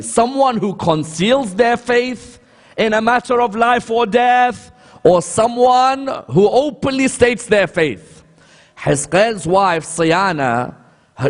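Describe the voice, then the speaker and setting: Guy preaching a sermon, high voice, keeps asking the crowd questions then answering, big echoey hall. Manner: asks rhetorical questions and answers them. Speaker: Islamic lecturer. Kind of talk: sermon lecture with storytelling. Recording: long hall reverb.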